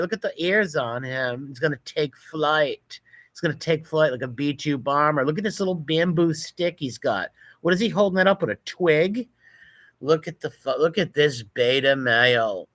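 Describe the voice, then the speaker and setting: Sharp-voiced mocking male commentator. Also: fairly high pitch, moderate pace, no room sound. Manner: mocking, profane, running insults. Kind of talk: reaction commentary over video.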